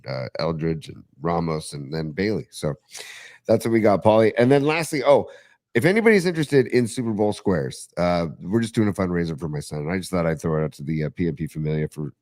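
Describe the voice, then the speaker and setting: Man, lowish voice, excitable rambling sports podcast co-host. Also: brisk. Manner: enthusiastic, rambling with restarts. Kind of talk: casual sports chat.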